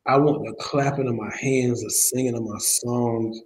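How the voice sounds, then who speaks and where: A man's voice: mid-range voice, steady tone, moderate pace, few pauses, a little mellow, rough recording. A man teaching a church Bible study, telling personal stories with feeling and laughing now and then. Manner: emotional, storytelling, laughs while preaching. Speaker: preacher.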